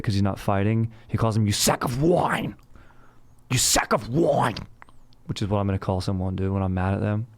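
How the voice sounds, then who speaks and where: A man's voice: fairly low pitch, warm tone, smooth, no room sound. A young man hosting a casual movie review chat, slangy and bro-ish, calling everyone dude. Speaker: host.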